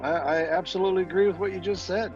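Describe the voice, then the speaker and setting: Veteran man guest, halting speech full of fillers, dull lo-fi sound, faint music underneath. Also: high-pitched, fairly even intonation, darkish tone. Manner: halting, many fillers and restarts. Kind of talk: casual interview answers.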